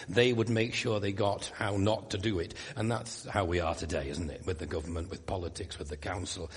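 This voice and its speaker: A man's voice: mid-range voice, slightly rough, long reverb tail. An older man from Yorkshire with a Yorkshire accent, preaching a sermon in a conversational way with wry asides and emphatic rises. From Yorkshire, England.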